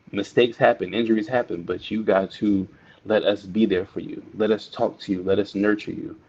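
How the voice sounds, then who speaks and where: A man's voice: fairly low pitch, a little mellow. A man speaking earnestly as a podcast guest, stressing his points by repeating phrases. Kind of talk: casual conversation. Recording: dull, muffled audio.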